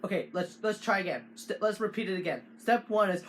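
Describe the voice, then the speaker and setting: A man hosting a casual how-to video, talking in halting bursts with frequent restarts and fillers. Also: high-pitched, expressive, background noise. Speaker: tutorial host.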